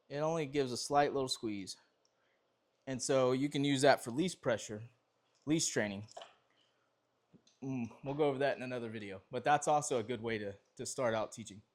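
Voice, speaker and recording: A man with a light drawl talks through dog obedience training in a loose, easygoing way. He rambles a little, trips over his own sentences and picks them back up as he demonstrates. His voice sits at an ordinary, middle pitch for a man. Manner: relaxed, rambling explanations with restarts and fillers.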